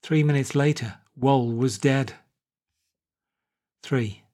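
A man reading a short story aloud in a measured, wry narration. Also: medium pitch, dark tone. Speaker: audiobook narrator. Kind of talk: scripted narration.

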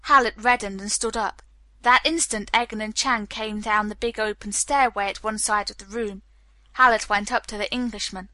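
A woman reading a novel aloud as an audiobook narrator, in a measured style. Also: mid-range voice, fairly even intonation, bright, forceful tone, no room sound. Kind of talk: scripted narration.

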